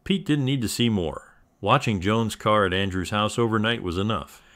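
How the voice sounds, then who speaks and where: A man reading a scripted story in an even, measured storytelling manner. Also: fairly low pitch. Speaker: narrator. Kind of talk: scripted narration.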